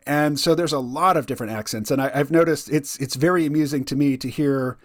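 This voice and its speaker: A man's voice: medium pitch, fast talker, dry recording. Conversational male host, easygoing interviewer, dry close-miked sound. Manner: chatty, with many "you know" fillers and frequent laughs. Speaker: podcast host.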